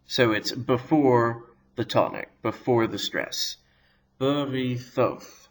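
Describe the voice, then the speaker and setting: Man, language teacher, slow deliberate delivery, careful pronunciation, lesson narration. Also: medium pitch. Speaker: Hebrew teacher.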